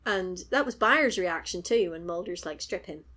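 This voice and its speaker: Animated woman recapping a show. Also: lowish voice, moderate pace, heavy background noise. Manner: animated, laughs often, acts out characters' lines. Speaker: podcast co-host. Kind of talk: casual chat recapping a TV episode.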